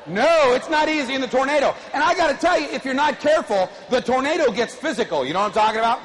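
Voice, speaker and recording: A middle-aged man giving an animated keynote speech to a live audience, drawing call-and-response from the crowd. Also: extremely high pitch, fast. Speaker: motivational speaker. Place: large conference hall. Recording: echoey hall, faint ambience.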